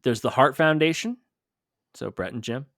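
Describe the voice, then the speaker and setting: A man's voice: mid-range voice, animated, a bit bright, no echo, clean studio sound. A man co-hosting a podcast in casual chat, quizzing his partner and reeling off lists of names. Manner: quizzing, listing names quickly. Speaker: podcast co-host.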